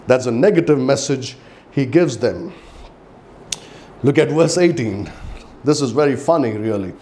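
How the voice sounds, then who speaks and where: A man's voice: medium pitch, expressive, unhurried, long pauses, mellow. A man with an Indian English accent, a pastor preaching a sermon with emphatic delivery and scripture readings. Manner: emphatic preaching, reads scripture aloud with rising intensity.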